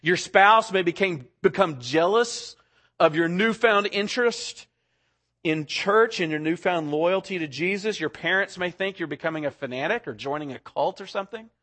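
Guy preaching a sermon, kinda high voice, gets loud then drops real quiet. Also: moderate pace. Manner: dynamic preaching, swings from loud to hushed. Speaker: pastor.

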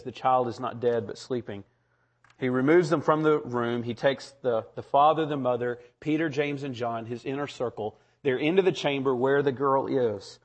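A man's voice: medium pitch, husky. A man preaching a sermon, building to emphatic rhetorical questions. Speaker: pastor.

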